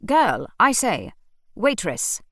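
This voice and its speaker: A woman voicing a gruff, irritable older man with a commanding, barking way of talking. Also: mid-range voice, huge pitch swings, slow pace, a bit bright, dry recording, clean studio sound, pitched above the performer's own voice, full character voice. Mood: irritated.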